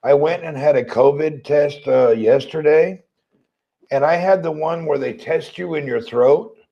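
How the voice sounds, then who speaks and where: A man from Tennessee with a Southern accent and a slightly hoarse, crackly voice, chatting casually on a livestream and reading viewer comments. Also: a little high, a little slow, dull audio. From Tennessee, USA. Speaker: livestream host.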